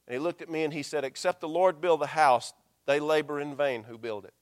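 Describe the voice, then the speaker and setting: A man, a pastor telling a story in his sermon and quoting scripture in a hushed, slow voice. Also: fairly high pitch, steady tone.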